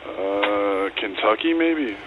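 Brief: deep gravelly shop clerk, hesitant, heard over a tinny phone line. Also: male voice, lively intonation, slow, slight background noise.

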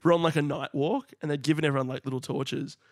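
A young Australian man co-hosting a comedy podcast, telling stories in an animated way and laughing often. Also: on the high side, fast talker, dry recording, clean studio sound. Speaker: podcast co-host. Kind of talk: casual comedic chat.

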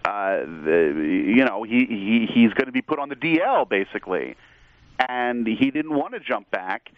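An excitable man hosting a chatty show talk, rambling eagerly from one point to the next. His voice comes through a thin, tinny line like a phone call. The sound is dry and close, with no room around it. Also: mid-range voice, normal speed, dry recording. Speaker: podcast host. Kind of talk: casual TV discussion.

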